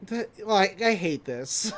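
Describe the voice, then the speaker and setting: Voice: mid-range voice, animated, slow, a bit bright. A podcast host rambles through a scene-by-scene anime recap. The delivery is loose and chatty, with frequent fillers and casual swearing. It sounds like friends talking rather than a scripted show.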